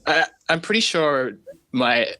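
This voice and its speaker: Easygoing man with a bright voice. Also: a little high, expressive, measured pace, no echo. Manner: easygoing, self-deprecating, many restarts. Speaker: guest animator. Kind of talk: casual podcast chat.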